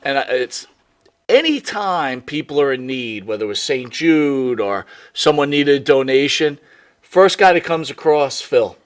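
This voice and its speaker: A man hosting a wrestling talk show, praising guests warmly and steering the chat. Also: mid-range voice, expressive, a little slow. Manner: warm, effusive toward guests.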